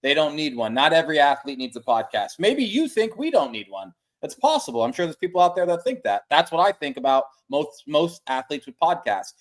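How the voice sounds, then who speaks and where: A man's voice: on the high side, big pitch swings. A man co-hosting a casual sports podcast, telling stories in a worked-up, profane way. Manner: fast, worked-up, profane storyteller. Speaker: podcast co-host.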